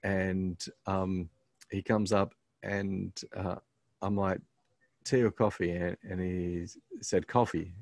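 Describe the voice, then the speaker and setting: A man casually telling a personal story on a podcast, halting with many ums and restarts, earnest as he reflects on his faith. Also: sits low, monotone, gravelly, a little mellow, no echo.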